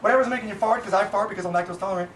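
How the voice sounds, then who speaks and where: A man rattles off complaints at a quick clip, blunt and profane, circling back on his own points. The sound is roomy and echoing, his voice a little distant from the microphone, with faint noise underneath. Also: high-pitched, fairly bright tone. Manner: blunt, profane, repetitive venting. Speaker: vlogger, business owner. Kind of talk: casual ranting monologue. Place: Boise, Idaho. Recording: echoey room, voice from off-mic.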